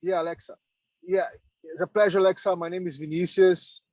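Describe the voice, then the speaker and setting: Guy calling in from the car, kinda high voice, stumbles and repeats words, laughs a lot, dry sound. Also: flat delivery, brisk, darkish tone, no echo. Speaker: meeting participant. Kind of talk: casual video call chat. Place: in a car on the road. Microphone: video call.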